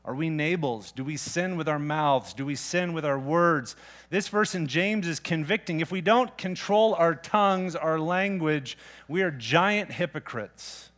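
A man's voice: fairly high pitch, a little slow, fairly bright tone. A man preaching a sermon in a plain, conversational way, reading scripture aloud and asking his listeners pointed questions. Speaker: pastor.

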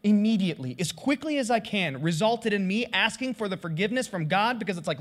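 A man's voice: high voice, sing-song, fairly quick, hardly any pauses, fairly bright tone. A middle-aged man who pastors a church, preaching a candid, confessional sermon and voicing his own prayers as he goes.

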